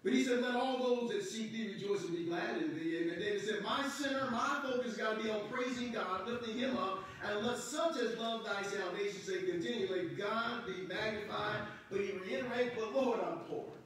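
A male pastor with a fairly high voice delivers a fervent sermon, quoting old scripture and swelling into loud, impassioned passages. He is picked up from across a church sanctuary, so his words ring with heavy echo. A faint hiss sits under the room sound. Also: moderate pace, hardly any pauses. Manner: preaching in King James scripture readings, rising and shouting passionately in bursts. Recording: echoey church hall from far off.

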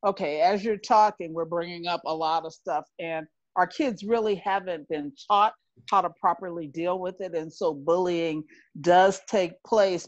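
A woman's voice: lowish voice, no echo, dull audio. A woman in her sixties, speaking on a discussion panel and telling a personal story candidly and with feeling. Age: 60s.

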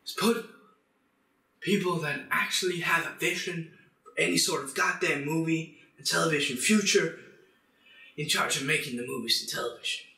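A young man tears into his topic in a comedic rant. His voice is high and bright, and he swears constantly and erupts into shouts. The sound bounces around an echoey room. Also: normal speed, creaky. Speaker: channel host.

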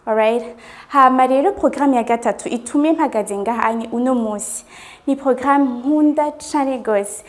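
High-voiced woman host, earnest. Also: moderate pace. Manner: earnest, emphatic, repeats for stress. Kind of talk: earnest motivational talk. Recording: music playing underneath. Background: music.

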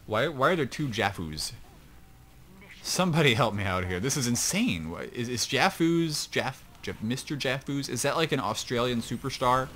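A man's voice: mid-range voice, animated, moderate pace, a bit bright, slight background noise. A man giving casual play-by-play commentary on an online match from his home computer, chatty and rambling, with self-mocking asides. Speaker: esports shoutcaster.

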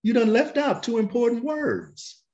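A man teaching a Bible class, questioning his students and drawling key phrases slowly for emphasis. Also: very high voice. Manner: animated, questions the class and waits for answers. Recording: dull lo-fi recording.

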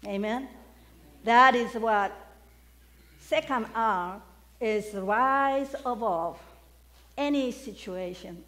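A woman's voice: on the high side, slow pace, long pauses, fairly bright tone. A woman preaching a sermon, asking the congregation questions and stressing key words. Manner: questions the congregation, emphatic call-and-response.

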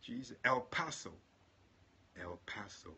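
A male prophet and pastor praying and then chatting affectionately with his online viewers, greeting them by name and jumping into high exclamations. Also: lively intonation, a little slow, pushed and bright, breathy edge. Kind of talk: livestream prayer and chat with viewers.

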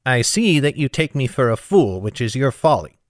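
A haughty, streetwise young man who mocks everyone around him, voiced by a male audiobook narrator. The delivery stays near his own middle pitch, dry and close. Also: sing-song, normal speed, no echo, natural voice. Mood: scornful. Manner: mocking, haughty. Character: scornful streetwise young man, would-be scholar.

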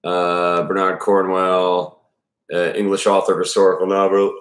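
Low-voiced guy rambling at home, lots of ums, echoey room. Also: completely flat delivery, moderate pace. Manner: rambling, many restarts and fillers, self-deprecating. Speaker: reader giving commentary. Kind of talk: casual rambling commentary.

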